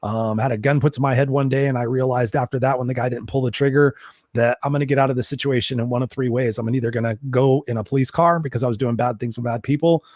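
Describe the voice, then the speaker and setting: A man's voice: mid-range voice, fairly even intonation, fast talker, a little mellow, no room sound, clean studio sound. A man who works as a life coach, guest in an interview, telling his story bluntly and candidly, with some swearing.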